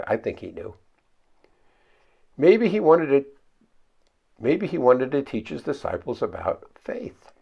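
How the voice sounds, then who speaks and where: A low, gravelly man preaches a relaxed Bible study and thinks aloud as he goes, his pitch rising and falling widely. He often stops to restart a phrase or ask his listeners a question. The recording sounds dull and lo-fi. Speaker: pastor. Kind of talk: conversational Bible study sermon.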